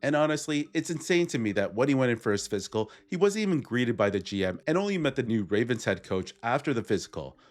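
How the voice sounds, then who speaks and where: A man's voice: mid-range voice, sing-song, fast, hardly any pauses. A man hosting a sports commentary video, recapping a clip in a plain, opinionated way. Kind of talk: scripted commentary.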